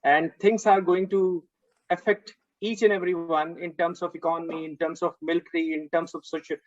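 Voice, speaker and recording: A man's voice: a little high, little pitch movement, fairly quick, no room sound, dull audio. A man speaking hesitantly on a panel, with many fillers, over a video call. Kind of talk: panel discussion.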